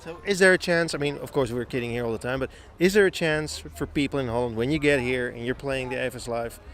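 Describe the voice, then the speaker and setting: A man's voice: medium pitch, fast talker, fairly bright tone. A man interviewing a musician outdoors at a festival, joking and teasing. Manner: jokey, teasing. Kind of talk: casual interview.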